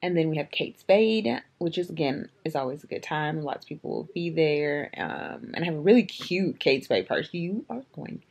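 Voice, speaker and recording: Low, gravelly-voiced woman chatting to camera. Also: lively intonation, moderate pace, hardly any pauses, a little mellow. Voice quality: low husky morning voice. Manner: chatty, lots of "um" and "like". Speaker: fashion vlogger. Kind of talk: casual vlog talk to camera.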